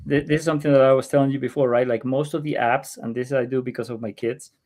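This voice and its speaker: A man's voice: mid-range voice, steady tone, fast, darkish tone. A man from Peru chatting as a guest, enthusiastic, with some stumbles. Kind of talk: casual conversation.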